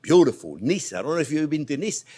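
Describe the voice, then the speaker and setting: French man from Provence hosting a cooking lesson, chatty and swooping, higher-pitched. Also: fast talker. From Provence, France. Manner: animated and chatty, talks to viewers as friends. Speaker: cooking show host. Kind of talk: casual cooking demonstration. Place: home kitchen in Florida.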